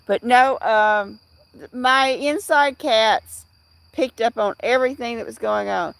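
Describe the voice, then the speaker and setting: Middle-aged woman host of a casual livestream; slow, halting talk full of fillers, answering chat by name. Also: a little high, gravelly, fairly bright tone, no room sound. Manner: rambling, halting, with many fillers and restarts; replies to chat viewers by name.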